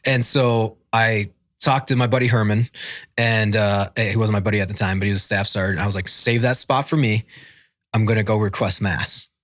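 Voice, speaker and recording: A man's voice: lowish voice, steady tone, moderate pace, fairly bright tone, no room sound, studio quality. A man in his thirties, a former Marine, telling a long war story in casual, profane, rambling talk and acting out what others said. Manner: rambling, profane, acts out quotes. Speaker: podcast guest, former Marine.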